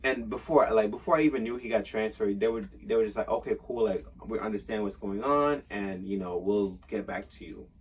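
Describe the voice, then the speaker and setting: A man casually telling a workplace story, acting out quotes in a raised, animated voice. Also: on the low side, brisk, hardly any pauses, husky, recorded from a distance.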